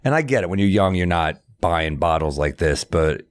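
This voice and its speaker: A man's voice: expressive, normal speed. A man, a comedian, in a wry, profane casual chat. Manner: wry, swinging pitch, profane. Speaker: comedian, podcast co-host.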